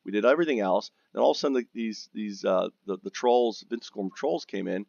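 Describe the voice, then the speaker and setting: A man's voice: lowish voice, lively intonation, a little fast, gravelly, a little mellow, no echo. A man telling a long story about his own game in a casual, rambling way, swearing often and restarting his sentences. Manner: profane, rambling, with frequent restarts and fillers. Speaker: gamer recounting guild drama. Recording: dry, dull lo-fi mic.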